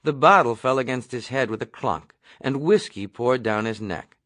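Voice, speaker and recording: A man reading a novel aloud as an audiobook, in a measured storytelling delivery. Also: mid-range voice, lively intonation, fairly bright tone, no room sound. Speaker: audiobook reader. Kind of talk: novel narration.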